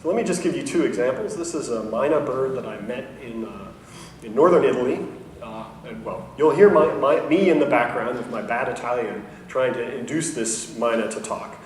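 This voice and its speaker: A university professor giving a conversational science lecture, explaining with light humor and correcting himself along the way. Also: male voice, mid-range voice, lively intonation, moderate pace. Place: lecture hall. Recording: echoey hall, mic at a distance, faint noise.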